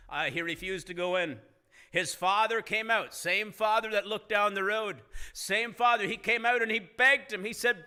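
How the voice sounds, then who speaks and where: Bright-voiced male pastor preaching. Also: high voice, lively intonation, moderate pace. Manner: earnest preaching, rising emphasis in retold dialogue. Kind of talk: sermon. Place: church sanctuary.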